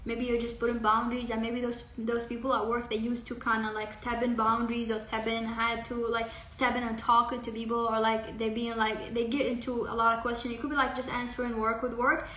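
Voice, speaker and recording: High-voiced woman rambling through a card reading. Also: a bit bright, roomy sound, far from the mic, a little hiss or hum. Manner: rambling, filler-heavy, casually swearing. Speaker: tarot card reader. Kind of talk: casual pick-a-card reading.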